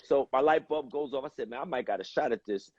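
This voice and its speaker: A male actor as guest on a talk show, telling stories slowly and reflectively, acting out quoted voices and swearing now and then. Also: mid-range voice, darkish tone, dry recording, muffled recording. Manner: slow, reflective storyteller who acts out quoted voices and swears. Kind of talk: casual chat.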